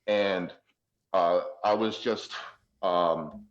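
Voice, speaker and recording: Low-voiced man on a dull lo-fi line. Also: fairly even intonation, very slow. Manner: chatty, many fillers, acts out voices in anecdotes. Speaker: podcast guest, haunt actor. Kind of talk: casual storytelling. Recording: dull lo-fi sound.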